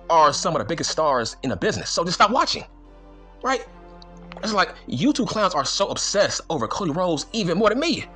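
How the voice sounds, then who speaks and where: A man's voice: fairly high pitch, bright, forceful tone. A man delivering an angry, profane, mocking rant to camera as a wrestling YouTuber. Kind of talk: angry ranting monologue.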